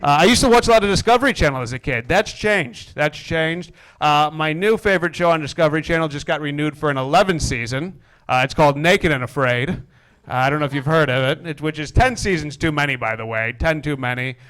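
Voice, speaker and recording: A young man performing a stand-up comedy set, deadpan with wry asides that build into exasperated rants. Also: on the high side, fast, clean tone. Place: comedy stage before a live audience.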